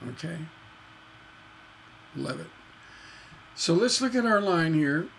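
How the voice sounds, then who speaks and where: Man, songwriting teacher, unhurried delivery, slightly high voice, faint hiss behind. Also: creaky. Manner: relaxed and folksy, hums melodies on "da da". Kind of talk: teaching on a charity livestream.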